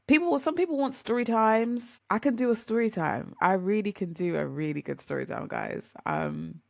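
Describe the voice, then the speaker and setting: A young woman hosts a podcast in a chatty, rambling, upbeat way, often speaking straight to her listeners and calling them "guys." Her medium-pitched voice is sing-song and creaky, moving at a moderate pace. The recording is dry and studio quality.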